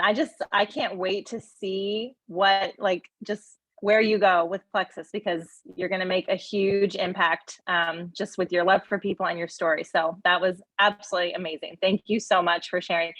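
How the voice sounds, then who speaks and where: A bubbly woman hosts a team video call, gushing and warm in her wording and dropping "like" into nearly every phrase. Her voice sits at an ordinary middle pitch and sounds dry and close, with no room around it. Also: dry recording, poor audio. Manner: bubbly and effusive, with many "like"s and laughs. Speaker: team leader hosting a group call. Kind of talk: hosting a group video call.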